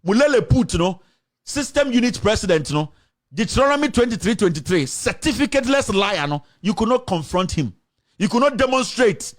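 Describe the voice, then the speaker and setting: A man with a Ghanaian accent hosting a heated political talk radio show, switching between English and Twi. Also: sits high. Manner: fiery, mixes English with Twi.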